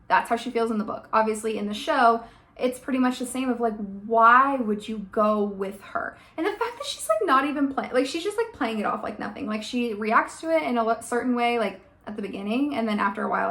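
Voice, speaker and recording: A woman's voice: fairly high pitch, moderate pace, fairly bright tone. A young woman chatting casually as a fan vlogger, heavy on "like" and fillers, now and then reading book passages aloud.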